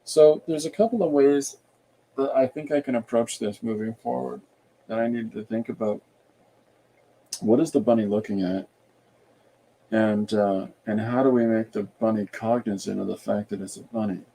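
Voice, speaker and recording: A man hosting an art podcast, thinking aloud in a relaxed, rambling way while he draws and reads viewer comments. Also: on the low side, moderate pace, gravelly, a little hiss or hum, poor audio. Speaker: artist and podcast host. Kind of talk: casual livestream chat while drawing.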